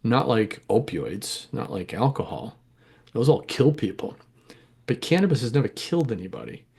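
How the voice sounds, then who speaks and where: A man's voice: medium pitch, very animated, moderate pace, creaky, a little mellow, husky. A middle-aged man telling rambling, candid stories in an interview, often correcting himself mid-sentence. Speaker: interview guest, home grower. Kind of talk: casual storytelling interview.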